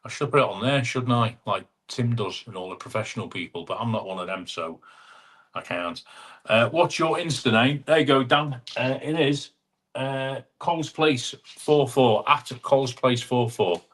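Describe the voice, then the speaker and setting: A man with a medium-pitched, fairly bright voice hosts a casual livestream chat from a room at home, reading viewer comments aloud. He's chatty, calls people "mate," and drops quick asides, all picked up on a wireless clip-on mic.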